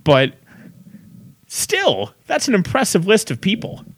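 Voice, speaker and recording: A man's voice: sits high, huge pitch swings, unhurried, slightly rough, no room sound, clean studio sound. A man co-hosting a casual chat show, talking loosely with profanity and frequent laughter. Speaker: podcast co-host.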